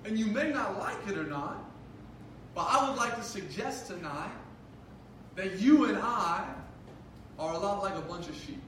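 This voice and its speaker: A young man giving a sermon as a youth pastor, telling a funny school story in an animated way with lots of "like". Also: high voice, unhurried, long pauses, a little hiss or hum. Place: large hall. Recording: echoey hall, mic at a distance.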